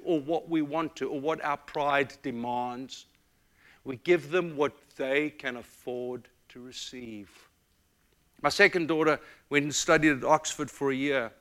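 A middle-aged man from the United States, a pastor, telling personal stories in a sermon with emotional, animated delivery. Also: mid-range voice, clear, resonant tone. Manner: emotional, animated storytelling with quoted voices. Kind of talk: storytelling sermon.

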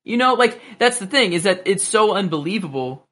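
A speaker in casual podcast chat about a TV episode, animated and filling talk with "like" and "you know". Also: mid-range voice, brisk.

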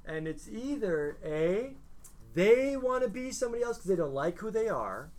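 Earnest, animated male teacher, slightly high. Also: normal speed. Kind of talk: classroom lecture. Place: classroom.

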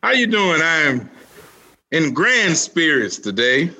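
A man, co-hosting a podcast in casual chat and telling animated stories. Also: on the high side, slow pace. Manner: animated storyteller, repeats "let me tell you something". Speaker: podcast co-host.

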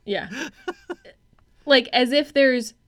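A woman's voice: high-pitched, very slow. Blunt, profane woman podcast co-host. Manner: blunt, profane, chatty with hedging fillers. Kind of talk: casual movie-review banter.

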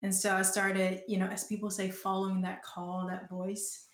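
Casting: young Southern woman from Georgia, chatty interview guest, fairly flat delivery, echoey room sound. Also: mid-range voice, moderate pace. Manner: chatty, frequent "like" fillers. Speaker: guest, performing artist and author. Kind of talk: casual interview talk.

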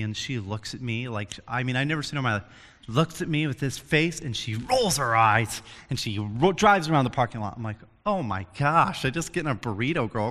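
A man's voice: mid-range voice, in a large hall. A young man preaching a casual sermon to students, telling stories and acting out quotes. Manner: animated storytelling, acts out quotes. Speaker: youth preacher.

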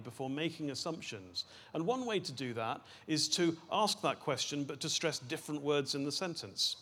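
A man reading scripture aloud, then teaching a seminar on it, slowing down and stressing single words. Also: a little high, fairly bright tone.

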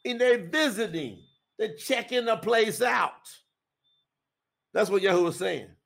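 Gravelly high-voiced man teaching scripture. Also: unhurried, a bit bright. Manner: conversational, emphatic, repeats phrases. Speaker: podcast preacher.

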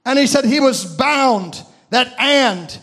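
A man preaching a sermon, retelling a vision with impassioned, shouted peaks and slow, drawn-out phrases. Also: lively intonation. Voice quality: high, ringing voice that rises into shouts.

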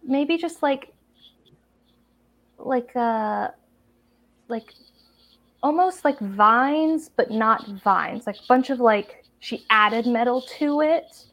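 A woman playing in a tabletop game over an online call, describing her ideas haltingly and searching for words. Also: a little high, fairly bright tone. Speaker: player. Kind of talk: casual tabletop play.

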